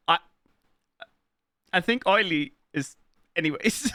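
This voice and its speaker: A man's voice: mid-range voice, sing-song, normal speed, long pauses, fairly bright tone, no room sound. A man from Germany with a German accent, chatting casually with his live-stream audience, playful and swearing freely as he riffs on chat messages.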